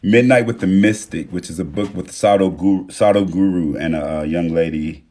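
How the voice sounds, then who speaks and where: A man hosting a live stream from his phone, talking in a relaxed, reflective way with loose slang and pausing to read viewer comments. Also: deep voice. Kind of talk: casual live-stream talk. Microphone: phone mic.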